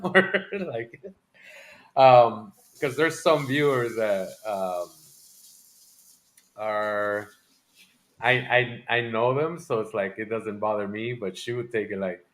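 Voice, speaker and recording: A man telling a story on a group call, rambling and halting, laughing as he goes. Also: fairly low pitch. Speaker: streamer guest. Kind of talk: casual group call chat.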